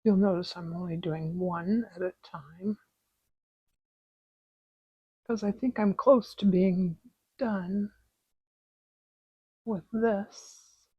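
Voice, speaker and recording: A middle-aged woman hosting a relaxed embroidery tutorial from her craft desk at home, with soft, unhurried, chatty asides. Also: medium pitch, husky, dry recording, highs cut off. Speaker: embroidery video host. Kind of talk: relaxed stitching tutorial chat.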